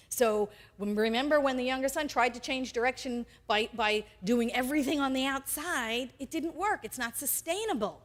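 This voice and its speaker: A woman pastor delivering a sermon in an animated way, acting out the quoted characters as she goes. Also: sits high, a little fast, few pauses.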